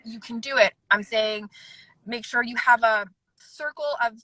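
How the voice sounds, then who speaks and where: Bright-voiced woman casting director, blunt and emphatic, casual livestream talk. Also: a little high, steady tone, rough recording. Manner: candid, emphatic, fast-talking with asides. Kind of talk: casual advice chat on a livestream. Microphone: video call.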